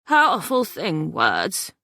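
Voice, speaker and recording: A woman's voice: huge pitch swings, slow, sharp tone, no echo, clean studio sound, heavily acted. Woman doing a pompous rich old father. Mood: confidential blustering. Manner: confidential, blustering, rumbling. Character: pompous wealthy older merchant father, mercenary.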